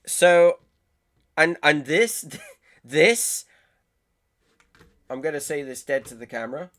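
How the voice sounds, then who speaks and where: A man's voice: a little high, lively intonation, slow, long pauses, a bit bright. A man hosting a casual reaction video, gushing about game trailers, swearing often and restarting his sentences.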